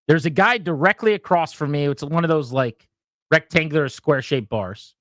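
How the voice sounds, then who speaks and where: A male radio host chatting casually and telling an animated story, acting out other people in loud, high bursts. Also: normal speed, dry recording, clean studio sound.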